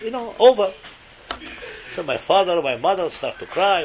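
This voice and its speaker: An older man tells a story during a sermon, and his voice sits a little high for a man. He talks in animated, emphatic bursts and drops Hebrew phrases into his English. A faint hiss runs under the recording. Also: moderate pace. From Morocco. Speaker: speaker giving a religious talk.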